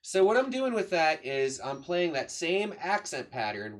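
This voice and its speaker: A man's voice: fairly high pitch, sing-song, measured pace, hardly any pauses, noisy background. A man teaching a drum lesson, patiently explaining strokes and counting beats aloud as he demonstrates. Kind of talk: casual instructional explanation. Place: room with a drum kit.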